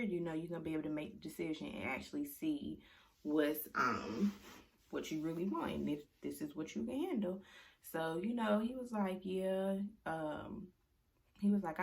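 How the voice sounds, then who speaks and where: Slangy woman recapping in casual chat. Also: low-pitched. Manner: slangy, animated storytelling with frequent "like" and "you know". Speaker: reality TV recap commentator.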